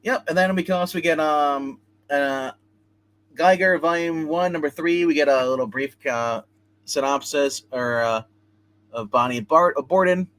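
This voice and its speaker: A man hosting a live comic book review stream, retelling a story in a casual, animated way and acting out the characters' lines. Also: on the high side, a little slow.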